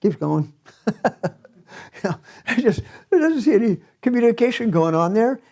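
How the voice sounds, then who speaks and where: Lively, animated male pastor preaching. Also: very high-pitched, moderate pace. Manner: animated storytelling with chuckles. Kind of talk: sermon. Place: church.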